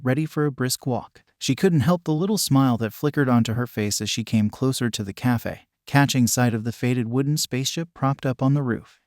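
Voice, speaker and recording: A man's voice: medium pitch, darkish tone, no room sound, studio quality. Man reading a story aloud steadily. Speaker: narrator.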